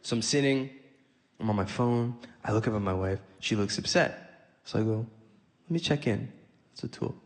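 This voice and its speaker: A man's voice: fairly low pitch, normal speed, in a large hall, a little hiss or hum. A man performing stand-up comedy, telling stories in a conversational way and acting out both sides of the dialogue. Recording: live audience laughing.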